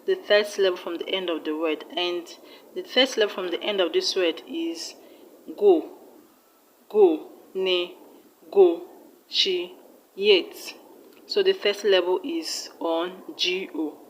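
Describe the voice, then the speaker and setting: An English teacher with a Nigerian accent leads an online exam-prep lesson, patiently repeating each word and sounding it out syllable by syllable. Her voice is fairly low with fairly even intonation and a moderate pace, and the poor audio carries slight background noise.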